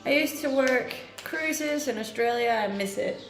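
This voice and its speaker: A cheerful woman in her twenties from Denmark, hosting a livestream from home and answering viewers with teasing humor. Her voice sits a little high, and the room gives it a noticeable echo, with faint music playing underneath. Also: measured pace, a bit bright. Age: 20s. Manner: cheerful, teasing, laughs often. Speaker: livestream host. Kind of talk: casual chat reading viewer comments. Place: home kitchen.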